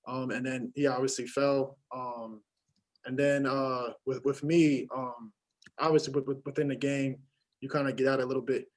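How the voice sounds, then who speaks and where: A young man, a college basketball player, answering postgame press questions in a halting way with many fillers and restarts. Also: medium pitch, rough recording. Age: young adult.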